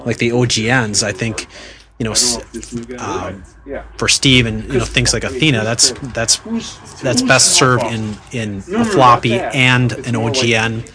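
A man guests on a podcast as a comic creator, rambling quickly through a story. His pitch is in the middle of the range. A crowd murmurs around him. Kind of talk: casual chat. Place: comic shop. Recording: crowd noise behind.

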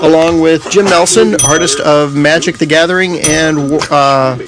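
Upbeat, jokey man with a higher voice. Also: a little slow. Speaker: comic creator guest. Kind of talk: casual chat. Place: comic shop. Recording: crowd noise behind.

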